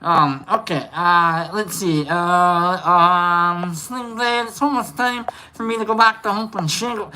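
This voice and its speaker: A woman hosting a casual livestream, reading out viewer shout-outs in a playful, rambling way and swearing freely. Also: fairly low pitch, unhurried, few pauses, a little hiss or hum, low-quality recording. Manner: loose and meandering, lots of fillers.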